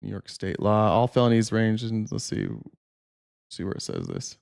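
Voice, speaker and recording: A man's voice: lowish voice, huge pitch swings, moderate pace, creaky, darkish tone, smooth, no room sound, clean studio sound. A man hosting a political commentary show, talking bluntly and sarcastically with frequent swearing.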